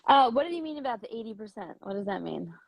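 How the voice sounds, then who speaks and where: A woman educator with a slightly rough morning voice, speaking hesitantly with fillers and listing points slowly in a casual interview. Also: on the high side, sing-song, dry recording. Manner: hesitant with many fillers, slow deliberate listing. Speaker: educator and author, guest. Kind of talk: casual video-call interview.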